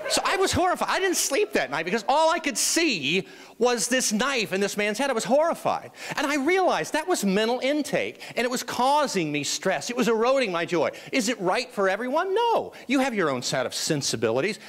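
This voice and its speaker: Lively, animated man telling funny stories. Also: very high voice, a little fast. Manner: animated comic storyteller. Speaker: motivational speaker. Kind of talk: humorous keynote storytelling.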